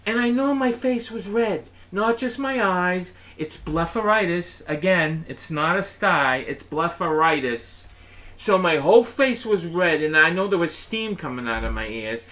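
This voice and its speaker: A man's voice: high voice, a little slow. Man telling an exasperated comic story. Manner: animated, exasperated retelling with acted-out quotes. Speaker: host of his own chat show. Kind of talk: comedic storytelling monologue.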